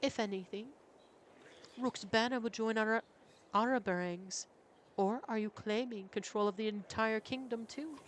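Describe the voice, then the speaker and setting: A proud young prince , put on by a man, commanding and sure of his rank, his voice lifted high. Faint noise sits behind him. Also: measured pace, fairly bright tone. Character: young, entitled male prince.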